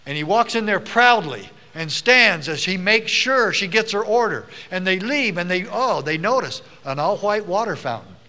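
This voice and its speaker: A man's voice: sits high, animated, normal speed, few pauses. A former sheriff giving an emphatic public speech to a live audience, telling stories and acting out the people he quotes. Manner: emphatic, swells to loud rallying stresses; storytelling, acts out the people he quotes. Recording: long hall reverb.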